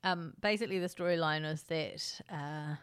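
A woman's voice: low-pitched, normal speed, a bit bright, clear, resonant tone, dry recording. A woman co-hosting a casual podcast chat, wry and chatty, laughing often. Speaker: podcast co-host. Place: dining room.

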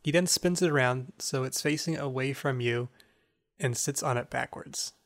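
A man's voice: mid-range voice, moderate pace. A man narrating as game master of a tabletop role-playing game, in a plain, matter-of-fact way.

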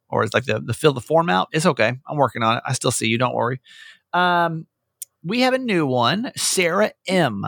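A man hosting a radio show, chatting casually and joking in a quick, rambling way. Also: medium pitch, vocal fry, fairly bright tone, dry recording, studio quality. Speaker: radio host. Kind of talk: casual chat.

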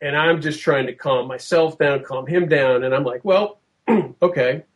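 A man's voice: medium pitch, normal speed. Man telling an eerie story. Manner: vivid, animated storytelling with acted-out quotes. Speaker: podcast guest. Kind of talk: storytelling in a podcast interview.

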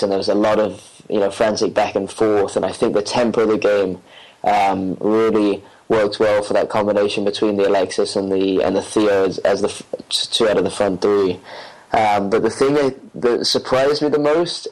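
A man on a football podcast panel, talking in a measured, analytical way with frequent pauses and fillers. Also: lowish voice, a little mellow, rough recording. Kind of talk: casual chat.

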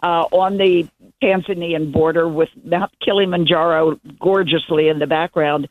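A woman's voice: lowish voice, steady tone, moderate pace, no room sound. An older woman, a guest journalist, telling stories enthusiastically in a casual interview over the phone. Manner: enthusiastic, meandering storytelling. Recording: dry tinny phone line.

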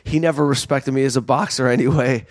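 A man's voice: medium pitch, fast. Man rambling through a self-mocking story. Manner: rambling, animated, self-mocking, acts out quotes. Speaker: podcast host telling a story. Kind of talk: casual storytelling monologue.

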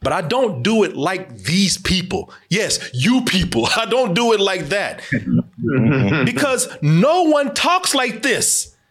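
A young man hosting a casual movie review chat, emphatic and animated, swearing and laughing often. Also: high voice, slow pace. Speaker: podcast host.

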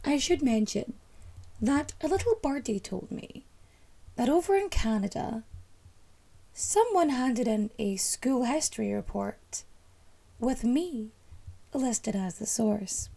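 A woman's voice: fairly high pitch, vocal fry, dark tone. A woman hosting a history storytelling show, chatting casually and tossing playful, teasing asides to her audience. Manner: emphatic, teasing humour.

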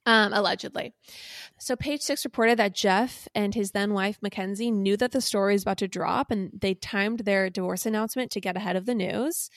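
A woman's voice: mid-range voice, steady tone, fairly quick, no echo, studio quality. Playful, teasing young woman podcast host. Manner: playful, teasing, theatrical emphasis. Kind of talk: casual chat, storytelling gossip.

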